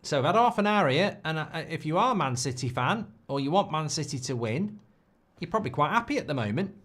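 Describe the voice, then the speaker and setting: A man's voice: on the high side, big pitch swings, fast, a bit bright. A man hosting a live football watchalong, chatting casually and reading out viewer messages between comments on the match. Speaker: football livestream host.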